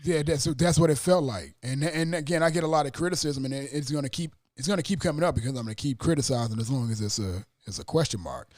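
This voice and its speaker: A man hosting a casual sports podcast, talking fast and acting out his own stunned reactions. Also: medium pitch, a little mellow, no echo, studio quality. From Atlanta area. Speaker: podcast host.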